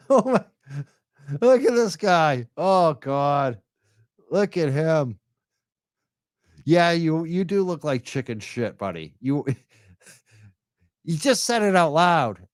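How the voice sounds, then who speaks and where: A man talks over a video with mocking, crude commentary, laughing at what he sees. His pitch swings widely as he jokes. The sound is dry and close. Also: very animated, slow pace, long pauses, no room sound. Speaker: commentator reacting to event footage.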